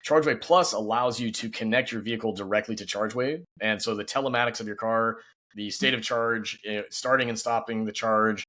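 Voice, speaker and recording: Quick, bright-voiced man in conversation. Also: fairly low pitch. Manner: quick, upbeat, peppered with "you know". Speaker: guest, company founder. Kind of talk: casual podcast interview.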